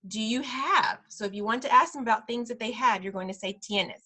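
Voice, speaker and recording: Bright-voiced woman teaching a class. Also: a little high. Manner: slow, clear modeling of sounds, repeating each word. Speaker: preschool director teaching a parent Spanish class. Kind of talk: online class instruction.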